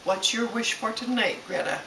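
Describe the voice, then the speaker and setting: Woman doing a soft, kind fairy godmother. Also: fairly high pitch, moderate pace, creaky, background noise, pitched above the performer's own voice. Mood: gentle. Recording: echoey room, distant mic.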